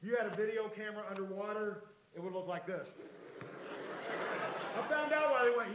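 Animated high-voiced male preacher. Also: fairly quick, pauses often, a loud crowd, very noisy. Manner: animated, shouts in the story, earnest appeals. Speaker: youth director, preacher. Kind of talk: sermon with personal storytelling.

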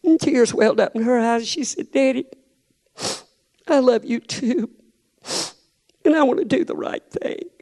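Impassioned preacher man, high voice. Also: a little slow, long pauses. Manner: impassioned, builds to shouting. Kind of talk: sermon with storytelling.

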